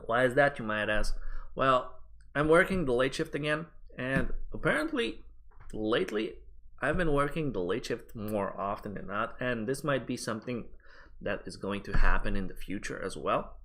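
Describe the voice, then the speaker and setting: A man's voice: mid-range voice, lively intonation, moderate pace, pushed and bright. A man talking to his viewers in a loose, rambling vlog, chatty and swearing casually. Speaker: streamer and vlogger.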